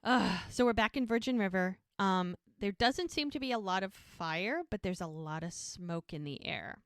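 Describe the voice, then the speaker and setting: Woman podcast co-host, casual and emotional storyteller; smooth clear voice, dry booth. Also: medium pitch, lively intonation, normal speed, dry recording. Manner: chatty storyteller, emotional, many fillers. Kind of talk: casual chat recapping a TV episode.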